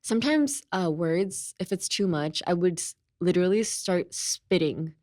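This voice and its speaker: A young woman hosts a casual language lesson as an English teacher, her lowish, slightly mellow voice expressive and a little slow. She's giggly and chatty, laughs often, and mixes in Japanese. The dry studio mic picks up no echo.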